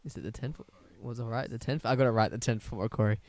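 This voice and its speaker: Rambling band guest. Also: male voice, medium pitch, fairly even intonation, quick pace, darkish tone. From Australia. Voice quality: rambling, easygoing, self-interrupting. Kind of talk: casual chat. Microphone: handheld mic.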